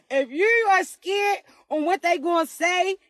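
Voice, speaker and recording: A woman with a raspy voice giving a casual spiritual reading to camera, slangy and emphatic, often asking "you heard me". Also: very high voice, dry recording, studio quality. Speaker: spiritual card reader.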